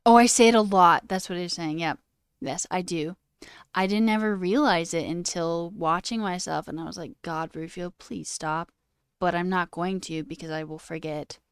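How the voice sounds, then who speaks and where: A chatty young woman streamer in relaxed conversation, laughing easily and often saying "okay" and "all right". Her voice sits a little low, and the sound is dry and close. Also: normal speed, clear, resonant tone, no room sound. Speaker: livestream host. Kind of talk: casual stream chat.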